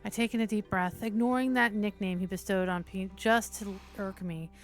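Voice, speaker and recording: A woman's voice: mid-range voice, normal speed, soft background music. A woman hosting a stream who reads a visual novel aloud, with casual, cursing asides between passages. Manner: steady narration broken by casual swearing asides. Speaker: streamer, host.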